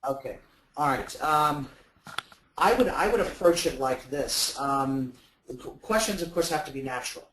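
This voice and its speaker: A man's voice: fairly high pitch, animated, moderate pace, a bit bright, reverberant, poor audio. A man giving sales advice as a webinar guest, talking in a rambling way with many fillers and restarts. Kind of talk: webinar talk.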